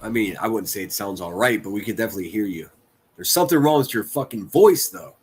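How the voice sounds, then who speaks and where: A man's voice: on the low side, lively intonation, quick pace, a little mellow, husky. A man hosting a livestream, giving crude, sarcastic reaction commentary and mocking what he plays. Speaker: commentary streamer host.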